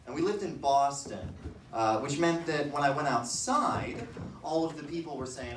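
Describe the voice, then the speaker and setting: A man's voice: on the high side, expressive, moderate pace, a bit bright, a little hiss or hum. Chatty young man doing stand-up. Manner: playful, chatty, with frequent "right?" asides. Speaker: stand-up comedian. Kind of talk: stand-up comedy set. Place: comedy venue with live audience. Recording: echoey room, distant mic.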